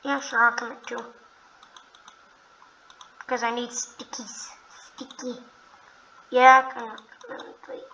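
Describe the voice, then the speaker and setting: Bright, high-voiced young gamer girl. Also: takes it slowly, pauses often, muffled recording, a little hiss or hum. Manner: excitable, gasping, talks to game animals. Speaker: gamer narrating her play. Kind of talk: casual gameplay commentary.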